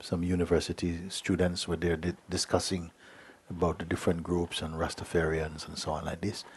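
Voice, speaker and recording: A man giving a spiritual talk, telling a story in an unhurried way with many hesitations. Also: deep voice, monotone, husky. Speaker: spiritual teacher.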